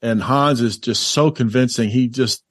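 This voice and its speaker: A man's voice: medium pitch, moderate pace, dry recording, clean studio sound. Laughing man chatting about a movie. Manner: rambling, easily laughing. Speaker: podcast co-host. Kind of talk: casual movie chat.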